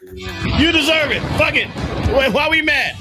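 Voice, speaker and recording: A man's voice: very high-pitched, expressive, moderate pace, music in the background. A man co-hosting a casual podcast, ranting with profanity and laughter. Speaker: co-host.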